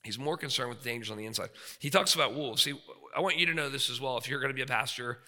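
A man in his thirties preaching a sermon, animated, swinging from loud to quiet. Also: medium pitch, racing. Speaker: pastor. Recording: long hall reverb.

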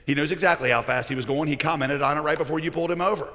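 A preacher voicing a blunt, tattling wife. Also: male voice, fairly high pitch, racing, sharp tone, long reverb tail. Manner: blunt, matter-of-fact. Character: tattling adult wife contradicting her husband.

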